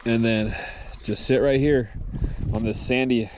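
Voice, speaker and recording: A man vlogging his solo fishing trip outdoors, talking excitedly to the camera and the fish he catches, swearing casually as he films himself. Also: mid-range voice, unhurried, noisy background. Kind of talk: excited outdoor vlog commentary. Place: outdoors on a reservoir shore.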